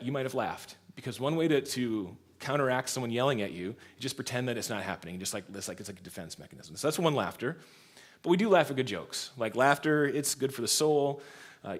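A man in his thirties, a pastor preaching a sermon in a church, telling stories and laughing along. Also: medium pitch. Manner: storytelling, laughs often, lively shifts in loudness.

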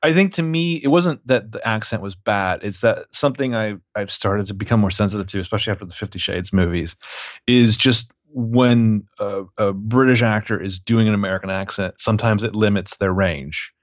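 A man co-hosting a casual film review chat, talking in a halting way full of fillers. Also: lowish voice, no echo, muffled recording. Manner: conversational, halting, frequent fillers. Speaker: podcast co-host.

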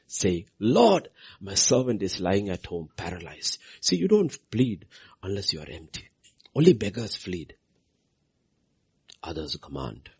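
A man delivering a sermon in a slightly husky voice. His pitch rises and falls widely as he drives his points home, repeating lines for weight. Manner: preaching with big swings in pitch and loudness, repeating phrases for emphasis. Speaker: preacher.

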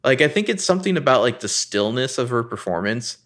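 A man co-hosting a podcast, recapping a TV episode in a relaxed, hesitant way and reading lines of dialogue aloud. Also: medium pitch, fairly quick. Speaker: podcast co-host. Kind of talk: casual chat recapping a TV episode.

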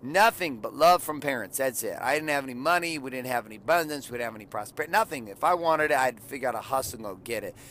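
A man's voice: mid-range voice, expressive, quick pace, hardly any pauses, fairly bright tone, slight background noise. Blunt profane man telling a parenting story. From California. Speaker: father and podcaster. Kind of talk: blunt motivational monologue.

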